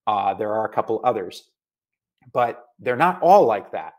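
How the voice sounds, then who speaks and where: A middle-aged man from Massachusetts, an author chatting in an interview, animated and full of asides. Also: on the low side, normal speed. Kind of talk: casual video interview.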